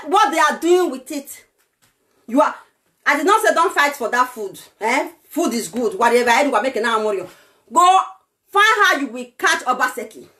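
A Nigerian woman with a Nigerian accent, delivering an impassioned political rant to her viewers, shouting and pleading. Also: sits high. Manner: shouting, pleading, breaks into laughter. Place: lives abroad in Europe.

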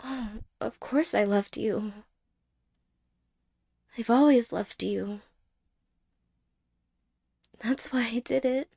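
A woman as a hesitant, wistful ex-girlfriend in a slow whispered role-play. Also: fairly high pitch, gravelly. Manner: halting, hesitant, soft-spoken with whispered words. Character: wistful, apologetic young ex-girlfriend.

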